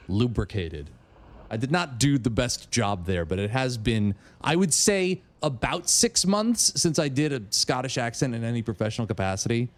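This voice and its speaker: A man streaming a video game, trained as a voice actor, who reads item and character text with theatrical flair. Between readings he slips into loose, profane, joking asides, his pitch bouncing animatedly throughout. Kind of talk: casual livestream commentary.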